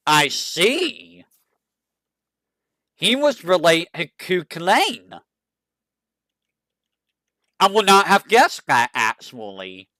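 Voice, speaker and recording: Slow, lively-voiced streamer musing aloud. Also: mid-range voice, no room sound. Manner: muses aloud, asks itself questions, reads bios haltingly. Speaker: VTuber streamer. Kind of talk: casual stream chat, browsing game characters.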